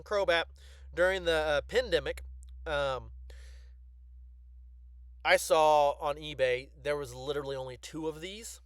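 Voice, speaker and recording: A man chatting casually through a showcase of his card collection, full of ums and restarts and excited bursts. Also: medium pitch, no room sound, studio quality.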